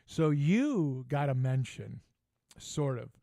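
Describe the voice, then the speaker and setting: A man's voice: mid-range voice, very animated, takes it slowly, vocal fry, dark tone, no room sound. An older man hosting a casual sports talk show, telling brash, joking stories with lots of animation. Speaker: podcast host. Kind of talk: casual storytelling chat.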